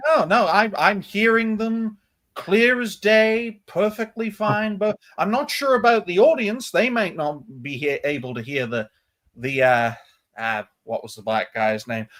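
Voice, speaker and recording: A man co-hosting a casual livestream panel over a video call, teasing the others and reading text aloud haltingly. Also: high voice, expressive, a bit bright. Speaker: co-host.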